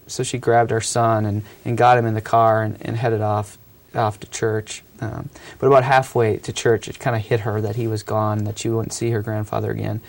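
A man in his thirties with a low, gravelly voice speaks earnestly about working with young people. He tells stories reflectively and pauses often, filling the gaps with soft hesitations. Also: level tone. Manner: earnest, hesitant with frequent fillers. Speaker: youth ministry speaker. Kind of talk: reflective storytelling talk.

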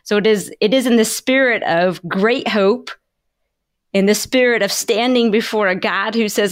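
A woman's voice: medium pitch, normal speed. Woman, pastor, devotional scripture talk, emphatic preaching cadence, repetitive phrasing. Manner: emphatic preacherly cadence with frequent "you know".

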